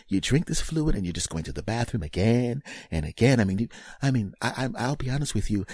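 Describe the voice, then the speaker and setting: A man's voice: fairly low pitch, a little mellow, slightly rough, dry recording, exaggerated voice. A man voicing a chatty middle-aged auntie who rambles with lots of ums, as a comedy sketch voice. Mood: disgusted.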